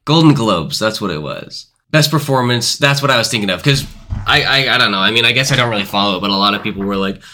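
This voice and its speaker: A man's voice: fairly low pitch, animated, quick pace, bright, forceful tone. A man co-hosting a casual movie review podcast, rambling and correcting himself as he goes. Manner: rambling, self-correcting, hedging. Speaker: podcast co-host.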